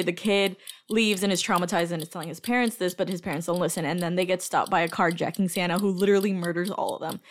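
A woman co-hosting a casual film podcast, rambling through plot summaries with casual swearing. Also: on the low side. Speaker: podcast co-host. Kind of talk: casual chat about films.

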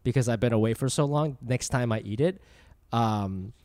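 A man co-hosting a podcast, chatting casually and jokily with a quick, emphatic delivery. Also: medium pitch, a little mellow, no echo, studio quality. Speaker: podcast co-host.

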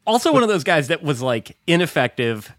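A man's voice: a little high, big pitch swings, fairly quick, fairly bright tone, dry recording, studio quality. A man co-hosting a podcast in casual chat, talking in a wry, rambling way and swearing casually. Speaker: podcast co-host.

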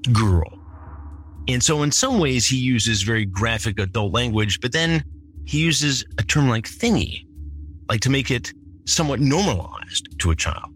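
A man's voice: medium pitch, fairly bright tone. A middle-aged man hosting a true-crime podcast, reading chat logs aloud and adding incredulous, indignant commentary. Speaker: podcast host.

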